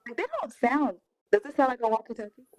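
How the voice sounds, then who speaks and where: A woman's voice: fairly high pitch, fast talker. A woman hosting a live stream in casual chat, blunt and swearing freely, with an easy laugh. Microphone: streaming microphone. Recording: long reverb on the mic.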